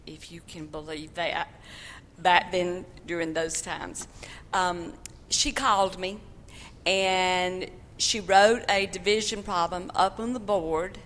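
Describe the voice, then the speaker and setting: Slow-spoken older woman in a church. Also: medium pitch, a bit bright, slight background noise. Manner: earnest storytelling, folksy turns of phrase. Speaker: church member giving testimony. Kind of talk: personal testimony in church. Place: church sanctuary. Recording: long hall reverb of a church.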